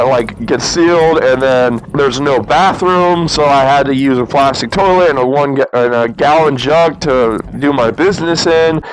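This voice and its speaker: A man's voice: medium pitch, slight background noise, rough recording. A young man who tells a long story to camera in a loose, rambling way. He often laughs and acts out what he and others said. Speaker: motovlogger.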